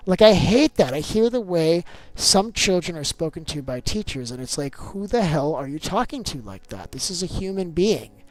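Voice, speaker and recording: A man's voice: on the high side, no echo, low-quality recording. A man streaming a video game live, chatting casually and going off on opinionated rants with loose, filler-heavy talk. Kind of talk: casual live gameplay chat.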